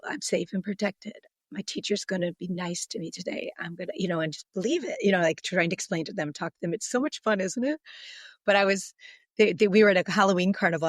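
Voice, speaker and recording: Animated storytelling mother, dry close mic. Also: lowish voice, no echo. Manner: animated, acts out voices in her story. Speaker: guest. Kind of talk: casual storytelling on a podcast.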